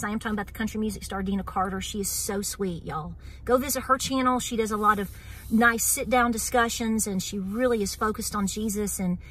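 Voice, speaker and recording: Hosting her homestead vlog, a middle-aged East Tennessee woman from Southern Appalachia chats casually with viewers, earnest and wound up. She drops in y'all and repeats "so here's the deal," speaking in a medium-pitched, somewhat bright voice.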